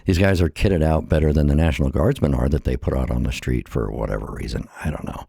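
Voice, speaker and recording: Middle-aged man from the States, dark husky bass, a bit breathless, impassioned solo vlog rant. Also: fast, no room sound, studio quality. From United States. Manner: earnest, impassioned, repeats phrases. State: a little out of breath. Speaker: vlogger. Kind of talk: personal monologue.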